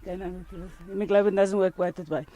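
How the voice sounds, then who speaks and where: A woman's voice: mid-range voice, flat delivery, fast, warm tone, highs cut off. A woman teaching a first-aid class, quizzing her student and joking with frequent laughter. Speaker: CPR instructor.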